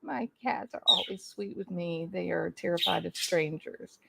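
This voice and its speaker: A middle-aged woman chats folksily on a casual livestream from home, reading the chat and naming her viewers. Her low, gravelly voice moves at a moderate pace over heavy background noise.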